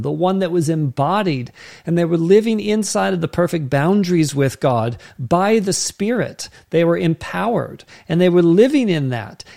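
Guy pastor doing a relaxed bible lesson, kinda high voice, keeps saying okay?. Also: gravelly. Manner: conversational teacher, frequent "okay?" checks; slow emphatic word-by-word explanations. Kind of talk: livestreamed Bible teaching.

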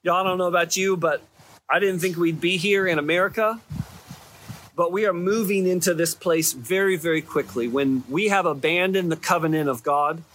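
Conversational higher-voiced male preacher. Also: moderate pace, fairly bright tone, slight background noise. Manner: conversational, rambling, keeps checking in with listeners. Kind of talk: sermon.

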